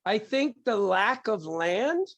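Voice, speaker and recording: A man's voice: high voice, sing-song, takes it slowly, creaky, fairly bright tone. A man being interviewed as a guest, explaining his views in a thoughtful, conversational way. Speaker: guest, TV producer. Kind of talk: casual interview chat.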